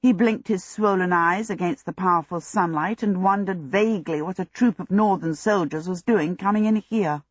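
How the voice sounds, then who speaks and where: An audiobook narrator reading a fantasy story in a steady, measured way. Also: mid-range voice, no room sound. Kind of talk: scripted narration. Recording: dull lo-fi audio.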